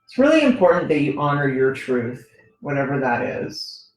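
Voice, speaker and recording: A woman teaching a gentle yoga class, talking the students through each pose in a relaxed, conversational way and often checking in with "right?". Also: very deep voice, normal speed. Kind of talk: guided yoga instruction. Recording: very echoey room with faint music.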